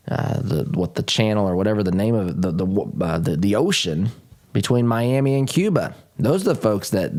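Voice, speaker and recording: A man's voice: on the low side, darkish tone. A man hosting a political talk show, speaking emphatically and often repeating phrases, with folksy asides to his listeners. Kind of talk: political commentary monologue.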